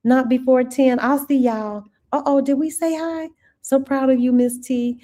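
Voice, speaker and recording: A woman's voice: high voice, steady tone, normal speed, warm tone. A woman, a former teacher, hosting a casual livestream chat with her viewers, effusive and chatty. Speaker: channel host.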